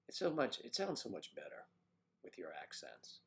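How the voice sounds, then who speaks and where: American guy from the mid-atlantic, low gravelly voice, rambly playful livestream chat. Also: huge pitch swings, normal speed, fairly bright tone. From mid-Atlantic United States. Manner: rambling, playful, tries out accents. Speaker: livestream host.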